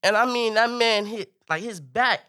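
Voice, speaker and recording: Brief: male comic storyteller, high, bright and animated. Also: moderate pace. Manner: animated, swings into high excited pitch for punchlines.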